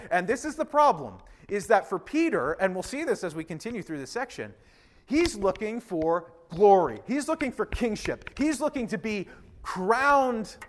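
A man preaching a sermon in an earnest, emphatic manner, speaking directly to his listeners. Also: high-pitched. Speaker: pastor.

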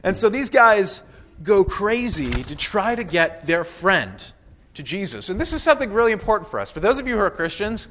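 A man preaching in a relaxed, conversational way, with casual asides and playful quoted voices. His voice sits a little higher than most men's. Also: moderate pace, slight background noise. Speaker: pastor. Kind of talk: sermon.

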